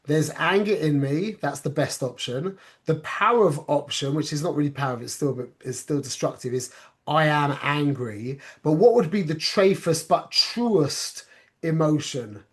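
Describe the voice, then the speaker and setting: A man with a fairly high voice leads a relaxed class and talks to his listeners as if chatting. He often asks "yeah?" to check they follow. He drops Hebrew and Yiddish words into his English as he teaches. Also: moderate pace. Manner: conversational, keeps checking with "yeah?"; uses Hebrew and Yiddish terms. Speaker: religious teacher. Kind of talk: informal spoken class.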